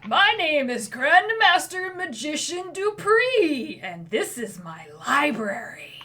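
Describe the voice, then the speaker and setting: A woman's voice: high-pitched, very animated, slow pace, bright, forceful tone, voice pushed up, full character voice. A woman voicing an eight-year-old dwarven boy who talks in a pompous, theatrical announcer voice. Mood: grandiose.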